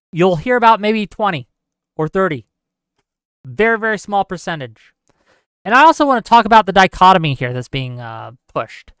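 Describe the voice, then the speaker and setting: A talk show host giving emphatic, argumentative commentary and rebutting viewer comments, often adding quick tag questions. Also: medium pitch, a bit bright, smooth, no echo, clean studio sound. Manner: frequent tag questions and fillers. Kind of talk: live call-in commentary, reading viewer comments.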